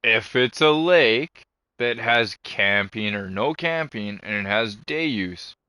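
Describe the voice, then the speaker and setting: A man's voice: on the low side, expressive, slow pace, bright, forceful tone, clear, resonant tone, no echo. A man vlogging, telling a long rambling story full of swearing and rants. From Canada. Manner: profane, ranting storyteller. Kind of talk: casual rambling monologue.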